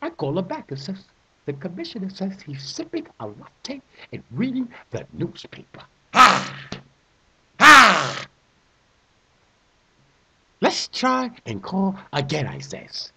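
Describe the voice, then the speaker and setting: Man, comic rant, theatrical, repetitive, shouting bursts, very lively pitch. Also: slow pace, pauses often, breathy edge. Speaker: vlogger ranting about a fantasy football trade.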